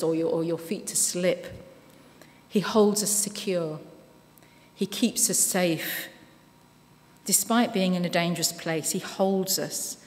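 A woman giving a sermon in a church, speaking conversationally and reading scripture slowly and with care. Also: fairly low pitch. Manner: warm conversational preaching with frequent "you know"; reads scripture slowly and deliberately. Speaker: preacher. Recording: long reverb of a church hall.

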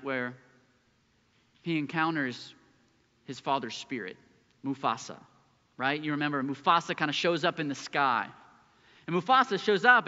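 A man preaching a sermon as pastor, earnest, swinging between loud emphasis and hushed lines. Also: on the high side. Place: church sanctuary. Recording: muffled church recording with long hall reverb.

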